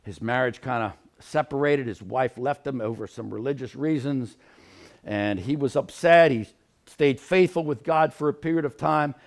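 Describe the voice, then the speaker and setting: A man preaching a sermon, animated and rising to shouts for emphasis. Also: mid-range voice, normal speed.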